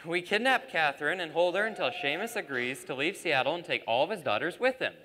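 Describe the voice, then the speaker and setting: A young man playing a blustering, scheming saloon boss barks orders in a bright, lively voice. His lines ring with long reverb through a church hall during a live school play. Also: on the high side, a little fast. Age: teens. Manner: blustering and commanding. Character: scheming bossy male saloon owner. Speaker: student actor. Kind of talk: live stage acting. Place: church stage.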